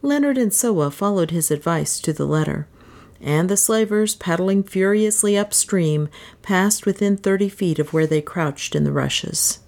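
A woman narrating an old adventure novel in a measured, steady storytelling voice. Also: medium pitch. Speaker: audiobook narrator. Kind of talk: scripted narration.

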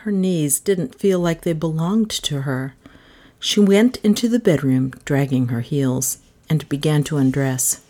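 A woman narrating a novel in an expressive, animated storybook reading. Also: deep voice, a little slow. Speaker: audiobook narrator.

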